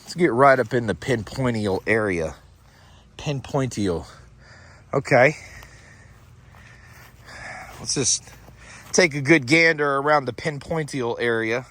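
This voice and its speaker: Taking his time and pausing often, a paranormal vlogger from Florida speaks in a medium-pitched, fairly bright voice with a Southern country accent. He rambles, cracks jokes, and swears a lot, recorded on a phone camera his companion holds.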